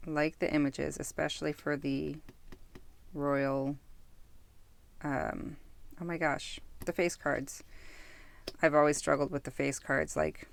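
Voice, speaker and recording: A woman's voice: sits low, creaky. A woman casually reviewing a tarot deck, musing aloud, losing her thread and correcting herself. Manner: musing, self-interrupting, easily sidetracked.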